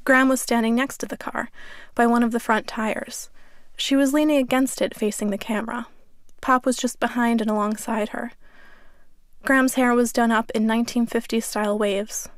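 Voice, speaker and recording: A woman author reading her memoir as an audiobook in a studio, in a steady, measured way. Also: a little high, no echo. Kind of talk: audiobook narration. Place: recording studio. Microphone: studio microphone.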